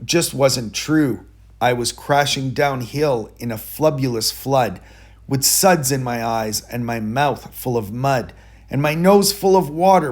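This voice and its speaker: A man reads a rhyming children's story aloud in a mid-pitched voice. His delivery is rhythmic and expressive, and it bounces along with the verse.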